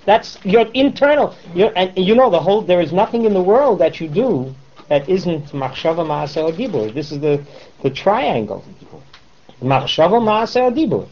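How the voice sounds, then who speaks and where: A man lectures a Torah class with lively, swooping emphasis, asking his students rhetorical questions and mixing in Hebrew terms. The recording sounds dull and lo-fi. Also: sits high, moderate pace, a little hiss or hum. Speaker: rabbi teaching a class.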